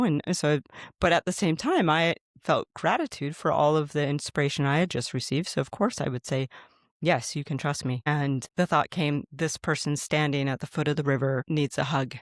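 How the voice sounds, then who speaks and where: A man's voice: on the high side, moderate pace, no room sound, studio quality. A man hosting a podcast, earnestly telling a personal story in a conversational way and acting out his own thoughts.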